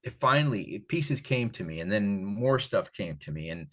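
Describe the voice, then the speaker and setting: An older man from the Catskills talking as an author guest in a casual interview, rambling and animated, with many restarts. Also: fairly low pitch, moderate pace. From Catskills, New York.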